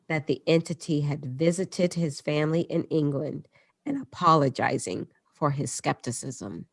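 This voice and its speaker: A woman with a low voice hosts a podcast, telling a story in a relaxed, chatty way. She moves between read passages and offhand asides. The recording is dry and close. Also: no room sound. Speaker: podcast host. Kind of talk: casual storytelling chat.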